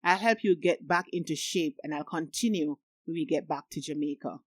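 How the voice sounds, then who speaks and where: A remorseful young father, earnest and apologetic, as a woman reads him aloud. The voice sits low and sounds close and dry, in a plain audiobook reading. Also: normal speed, no echo. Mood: warm. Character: remorseful young man, tender new father.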